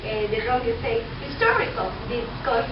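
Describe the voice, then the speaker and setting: A woman, a Spanish speaker by first language, telling jokes to a class in a halting way with many fillers. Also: fairly high pitch, big pitch swings. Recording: echoey room, far mic, dull sound, noisy.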